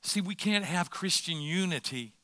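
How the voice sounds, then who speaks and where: A man's voice: high voice, normal speed, bright, forceful tone, no echo. A middle-aged man preaching a sermon as pastor, impassioned and repeating phrases for emphasis.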